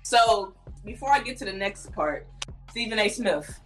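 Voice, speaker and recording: A woman's voice: medium pitch, expressive, unhurried, fairly bright tone, faint music behind, low-quality recording. A woman from Nigeria co-hosting a casual podcast chat, teasing and boastful. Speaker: podcast co-host.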